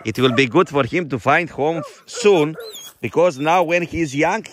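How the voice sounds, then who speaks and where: Middle-aged male shelter founder, bright and forceful voice, halting non-native English. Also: on the high side, lively intonation, slight background noise. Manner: fond, coaxing talk to the dogs. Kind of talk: casual vlog narration. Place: animal shelter.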